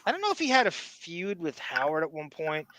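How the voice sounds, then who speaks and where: A man's voice: a little high, sing-song, fairly quick, pushed and bright, slight background noise. A man hosting a live podcast, chatting and speculating as he reacts to a clip and to viewer comments. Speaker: podcast host. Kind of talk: casual live podcast chat.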